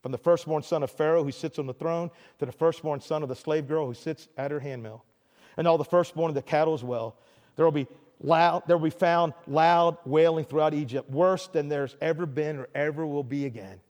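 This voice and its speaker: A man playing a stern, grave prophet declaring judgment in a low, slow voice for a sermon. Long church-hall reverb trails each phrase. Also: a little mellow, lightly acted. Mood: solemn. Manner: slow and grave, then pleading with anger. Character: stern prophet delivering God's doom, male.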